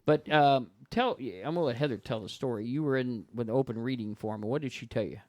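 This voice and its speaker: A man in casual conversation as a podcast guest, telling a story in an animated way and acting out the other people's lines in their voices. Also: medium pitch, fast, no echo, studio quality. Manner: animated, acts out dialogue in voices.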